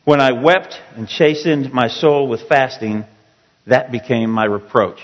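A man preaching a sermon, reading scripture slowly and rising to pleading emphasis. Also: medium pitch. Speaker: pastor. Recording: long reverb of a large hall.

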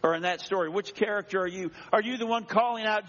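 A man's voice: sits high, brisk, hardly any pauses, fairly bright tone. A man preaching a sermon as pastor, reading scripture aloud and dramatically acting out the voices in it. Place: church. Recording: dull echoey church sound.

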